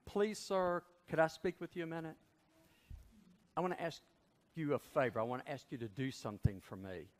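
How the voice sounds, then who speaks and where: A man putting on a pleading mother's high voice. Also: normal speed, pauses often, close to an everyday voice. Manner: urgent, pleading. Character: pleading mother, a woman begging a stranger. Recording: long reverb of a large church.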